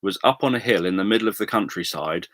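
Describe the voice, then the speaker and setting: A man chatting casually on a livestream, rambling with many pauses and self-corrections. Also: on the low side, a bit bright, dry recording. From England. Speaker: livestream host. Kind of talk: casual chat with viewers.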